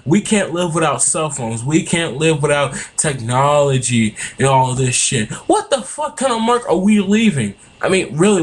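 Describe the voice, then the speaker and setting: Young man, webcam rant, cursing, heated, lively pitch, faint background hiss. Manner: profane, heated, repetitive. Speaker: vlogger. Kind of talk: angry political rant. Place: home room.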